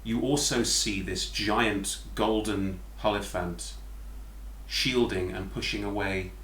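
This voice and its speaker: A British man running a tabletop game as dungeon master, narrating scenes slowly and vividly between bursts of laughter. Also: lowish voice, steady tone, fairly bright tone. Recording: roomy echo, faint background noise.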